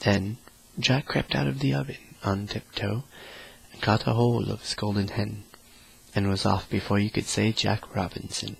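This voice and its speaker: A man reading a fairy tale aloud in a slow, flat, monotone way meant to lull listeners to sleep. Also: fairly low pitch, gravelly, slightly rough, rough recording. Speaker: storyteller. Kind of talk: monotone bedtime story reading.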